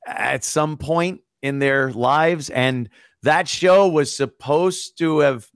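With frequent laughter and a wry, profane streak, this middle-aged former radio host chats casually as a podcast guest. His voice is fairly high and fairly bright, and the clean studio recording has no room sound.

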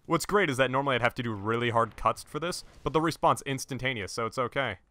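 A young man hosting a gaming channel, giving excitable, jokey play-by-play commentary into a headset and swearing when he dies. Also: medium pitch, fast talker, no echo. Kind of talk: let's-play gameplay commentary.

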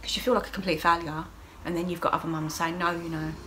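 A middle-aged woman talks through her week in a casual video diary, her voice sitting low and warm. She is open and emotional, often laughing between lines. A faint hiss sits under the recording. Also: level tone, quick pace. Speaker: vlogger.

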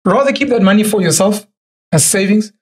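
A man's voice: high-pitched, a little fast. A young South African man, a podcast guest and entrepreneur, telling stories casually and acting out the people he quotes. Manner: animated storyteller who acts out quoted voices.

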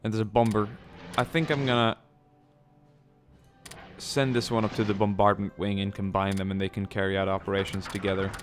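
A man's voice: lowish voice, little pitch movement, a little fast, over music. A man giving casual gameplay commentary, chatty, with many ums and joking asides. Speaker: let's play gamer.

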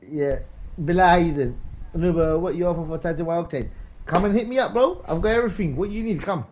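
A man's voice: a little high, fast talker, a little hiss or hum. A man streaming a game live, chatting casually and calling out viewers by name. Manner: excitable, calls out viewers by name. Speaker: gaming streamer.

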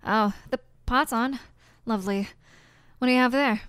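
A woman's voice: a little high, moderate pace, fairly bright tone, clean tone, dry recording, studio quality, natural voice. A woman reading the lines of a worried, nagging middle-aged mother in a visual novel, in her own plain voice. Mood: disapproving. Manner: plain reading, no accent attempted.

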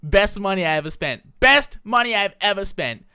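A young adult commentating a life-simulation game in a casual, slangy, excitable way, laughing often. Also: medium pitch, normal speed, smooth, no room sound. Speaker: gameplay commentator. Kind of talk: casual Let's Play commentary.

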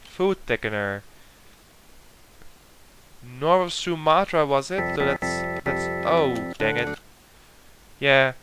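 A man's voice: medium pitch, animated, slow pace, pauses often. A man giving casual let's play commentary, reading game clues aloud and muttering at his mistakes, with game music behind. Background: guitar game music.

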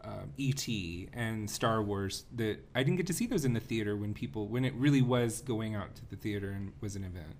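A man in his forties co-hosting a movie podcast, telling rambling and animated anecdotes. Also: lowish voice, fairly quick, few pauses, slight background noise. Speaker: podcast co-host. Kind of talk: casual roundtable chat.

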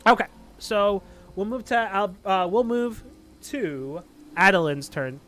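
A man's voice: high-pitched, expressive, takes it slowly, a bit bright. A man running a tabletop game as game master, narrating loosely with lots of fillers. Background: faint background music.

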